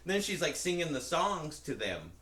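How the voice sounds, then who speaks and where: A man co-hosting a podcast, telling a long, rambling story in a casual, profane, animated way. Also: on the high side, moderate pace. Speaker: podcast co-host. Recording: roomy echo with faint background noise.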